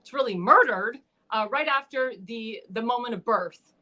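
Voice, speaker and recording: A woman hosts her own livestream show and speaks in an impassioned political commentary style. Her voice is high and bright. She stumbles now and then, with fillers and restarts. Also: animated, normal speed. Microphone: home livestream mic.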